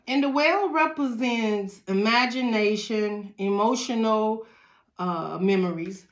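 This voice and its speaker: A woman's voice: mid-range voice, takes it slowly. A woman giving a casual tarot reading, chatty and laughing often as she talks straight to the viewer. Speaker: tarot reader. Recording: echoey room.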